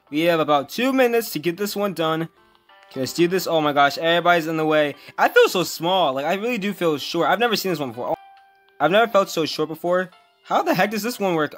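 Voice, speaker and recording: A man's voice: fairly high pitch, fairly bright tone. A young man giving casual gameplay commentary as a gaming video host, jumpy and easily frustrated, yelping and raging when he falls.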